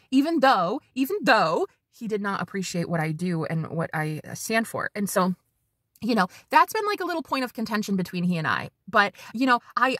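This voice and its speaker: A woman tarot reader giving a casual spiritual reading, chatty and animated, swearing freely as she talks to her viewers. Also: mid-range voice, dry recording, studio quality.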